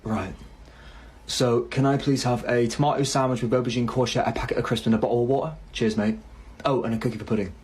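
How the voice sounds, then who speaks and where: A man's voice: medium pitch, steady tone, quick pace, darkish tone, close to an everyday voice. An actor playing a cheery British man ordering lunch in a comedy sketch, rattling off his order. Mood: breezy. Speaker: restaurant customer in a comedy sketch.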